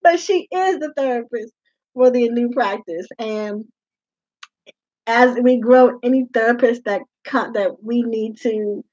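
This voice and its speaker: A woman's voice: fairly high pitch, a little slow, darkish tone, no room sound. A woman life coach speaking to her group in a live talk, emphatic and repeating her phrases for weight. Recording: dull lo-fi sound.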